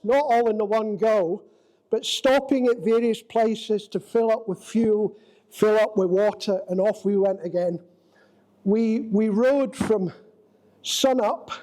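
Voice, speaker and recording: A male preacher with an unusually high voice delivers his sermon in a church. He speaks at an unhurried pace and stretches his phrases for dramatic effect as he tells a story. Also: a little mellow, poor audio.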